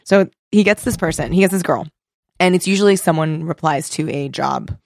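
Animated young woman telling a story. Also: sits low, fairly quick, vocal fry, no echo, studio quality. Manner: animated storytelling, acts out quoted people, laughs often, swears. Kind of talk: casual chat.

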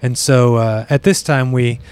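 A man from the US South telling a travel story as a podcast guest, casual and animated, jumping his voice up for the people he quotes. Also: mid-range voice, a little slow, clean tone, dry recording. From US South (Bible Belt).

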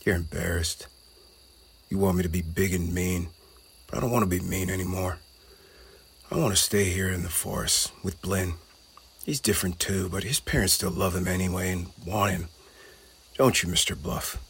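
A man voicing a big young male goblin bully in a storybook, bossy and boastful, with a low, husky voice. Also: steady tone, normal speed, long pauses, a bit bright, exaggerated voice. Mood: stubborn.

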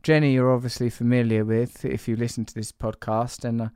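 A man's voice: medium pitch, level tone, fairly quick, darkish tone, clean tone, no echo, clean studio sound. A man hosting a casual podcast, rambling and jokey, teasing his co-worker and trailing off with fillers. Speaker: podcast host.

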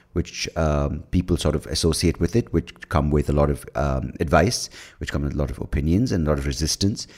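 A man's voice: very deep voice, a little mellow. A man hosting a casual solo podcast, leaning close to the mic, rambling with many fillers and swearing freely. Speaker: podcast host.

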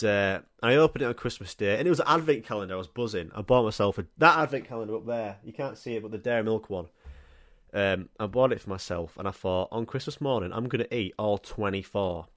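A man, telling crude, animated comic stories as a podcast host and swearing freely. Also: on the low side. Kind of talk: comic storytelling monologue.

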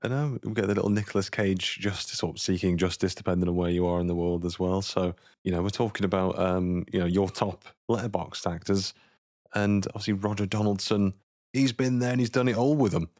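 Deep-voiced man rambling through film chat. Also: steady tone, brisk, a little mellow, dry recording, studio quality. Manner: rambling, filler-heavy, joking. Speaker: podcast co-host. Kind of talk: casual film podcast chat.

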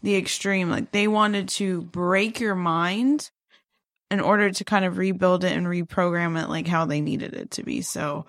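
Gravelly podcast co-host. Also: mid-range voice, fairly even intonation, measured pace, fairly bright tone, no room sound, studio quality. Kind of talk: casual conspiracy podcast chat.

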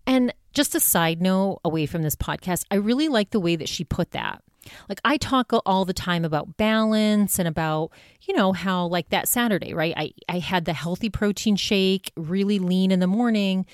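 A woman's voice: fairly low pitch, normal speed, no echo, studio quality. A woman hosting a podcast, talking casually in a chatty, rambling way and retelling a conversation with many fillers. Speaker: podcast host. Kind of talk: casual solo podcast monologue.

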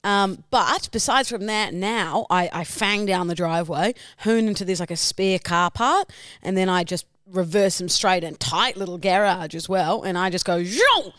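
A woman's voice: fairly low pitch, moderate pace, no room sound, studio quality. Playful Australian woman in her twenties. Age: 20s. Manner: playful, animated. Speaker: podcast co-host. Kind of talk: casual banter.

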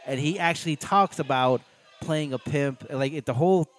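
A laid-back podcast co-host chats casually about a show they're watching, laughing often and acting out quotes. His voice is on the high side, at normal speed.

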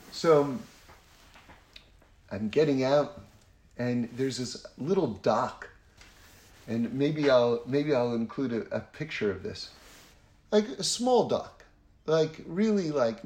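A man teaching Torah and telling a personal story, earnest and conversational, repeating phrases for emphasis. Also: fairly high pitch. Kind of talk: spiritual talk with personal story. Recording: roomy echo.

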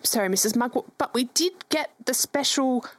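A woman's voice: high-pitched, normal speed, no room sound. A woman with a Cockney accent voicing a rogue in a tabletop game, giggly and hesitant. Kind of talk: in-character role-play.

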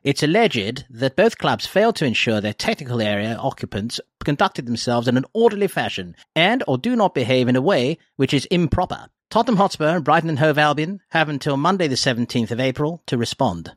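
A man's voice: mid-range voice, big pitch swings, fairly quick, few pauses, dry recording. A stiff, old-fashioned newsreel announcer, as a man puts him on, reads in a pompous and formal way. The delivery is clipped and grand. The sound is close and dry.

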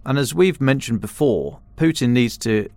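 A man's voice: medium pitch, lively intonation, normal speed, gravelly, darkish tone, dry recording. A man, a defence and security editor, giving casual podcast analysis in an explanatory way, often stopping and restarting mid-phrase.

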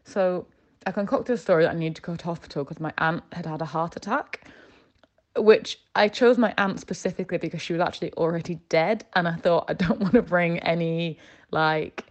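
A woman's voice: lowish voice, fairly quick, highs cut off. A woman with a northern English accent, recording a phone voice note and telling an embarrassing story with laughter and self-mockery. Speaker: listener sending a voice note.

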